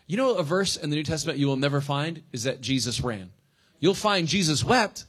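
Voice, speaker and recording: A man preaching in a loose, conversational style, slipping into quick acted-out voices of friends and doubters. His voice sits a little on the higher side for a man. He talks like a casual pastor, heavy on slang and rhetorical checks with the crowd. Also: lively intonation, fairly bright tone, breathy edge. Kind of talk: sermon.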